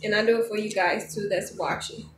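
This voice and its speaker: A woman's voice: medium pitch, brisk, roomy sound, background noise. A woman, chatting casually to viewers while making something at home, laughing often. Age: 30s. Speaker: vlogger. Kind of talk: casual vlog chat. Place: home kitchen at night.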